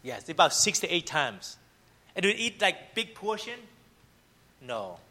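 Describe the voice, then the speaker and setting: A preacher gives a conversational sermon, constantly checking in with "right?" and "okay?" and using everyday stories to make his points. His high voice is sing-song, bright and forceful, and he takes his time.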